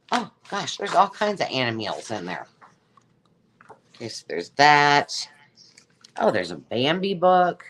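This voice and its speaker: A woman's voice: very deep voice, a little hiss or hum. A woman hosting a casual live sale of craft supplies, chatting in a rambling way and exclaiming over each item she pulls out. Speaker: host selling craft supplies.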